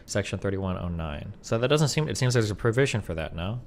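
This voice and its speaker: Fast-talking, low-voiced blunt male streamer. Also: animated, slight background noise. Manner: blunt, profane, reads bill text aloud. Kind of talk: casual debate on a live stream.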